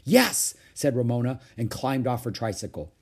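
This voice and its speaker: A man reading a children's book aloud with expressive storytelling. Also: medium pitch, moderate pace, husky. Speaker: storybook reader.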